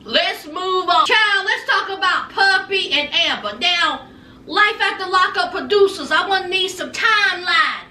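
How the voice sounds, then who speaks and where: A woman's voice: very high voice, expressive, unhurried, bright, forceful tone, distant mic. A woman giving sassy, gossipy commentary in a reality TV recap vlog. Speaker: recap vlogger. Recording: echoey room, off-mic, faint noise.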